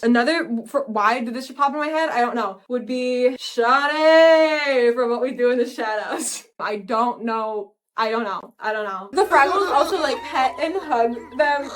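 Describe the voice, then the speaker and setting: A high-pitched woman talks through a recap in a loose, rambling way. She giggles a lot and wanders off topic, and now and then she drops into quick impressions of the characters. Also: a bit bright. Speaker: video essay host. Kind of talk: casual recap commentary.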